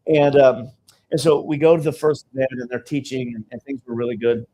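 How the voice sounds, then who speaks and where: Speaking fairly quickly with fairly even intonation, a man with a warm, mid-range voice tells conversational stories at a live sales seminar, often pausing for an "okay?". He's a business coach, and the audio is poor.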